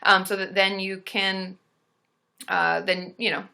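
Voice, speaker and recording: Chatty woman host, bright forward tone, bubbly, fillers throughout, casual live-stream chat. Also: mid-range voice, flat delivery, slow pace, vocal fry, clear, resonant tone. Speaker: therapist hosting a live stream.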